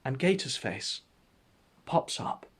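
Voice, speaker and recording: A man spins an absurd tale in a mock-epic, deadpan storytelling voice. His voice is husky and breathy, sitting at an ordinary middle pitch. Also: takes it slowly. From England. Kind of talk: comic storytelling narration.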